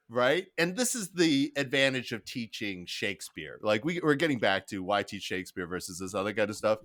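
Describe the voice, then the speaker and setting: A man from Detroit talking on a podcast in casual chat, his voice dry and close with no room around it. He tells anecdotes with emphasis and pitch in the middle range, laughing through the punchlines. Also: sing-song, moderate pace, hardly any pauses, a bit bright, no room sound. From Detroit, United States. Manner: storytelling, emphatic, laughs while telling anecdotes.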